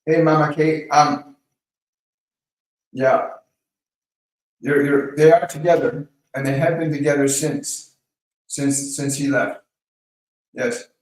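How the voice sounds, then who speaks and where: A man hosting a live question-and-answer stream, calmly coaching viewers by name and guiding them through slow breathing. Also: a little high, recorded from a distance. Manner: calm, coaching, speaks directly to viewers by name. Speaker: host of a live Q&A. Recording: very echoey room, voice off-mic.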